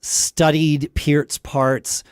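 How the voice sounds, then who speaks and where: A man's voice: fairly high pitch, flat delivery, very slow, smooth, no echo, studio quality. A man hosting a casual podcast conversation, thinking aloud with frequent restarts and tangents. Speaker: podcast host.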